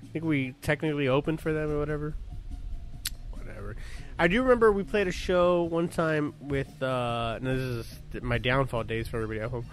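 A man's voice: on the high side, fairly quick. A man in his thirties in casual chat, telling profane, laughing stories as a podcast host.

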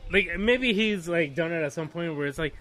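Guy rambling on a podcast, kinda high voice, says like and you know constantly. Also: animated, normal speed, fairly bright tone, slight background noise. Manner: rambling, heavy use of fillers like "you know". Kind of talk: casual chat.

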